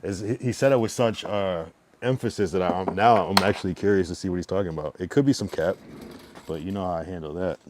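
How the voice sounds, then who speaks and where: Laid-back deep-voiced man streaming. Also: fast, background noise. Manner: laid-back, rambling, heavy use of fillers and swearing. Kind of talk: casual live-stream chat.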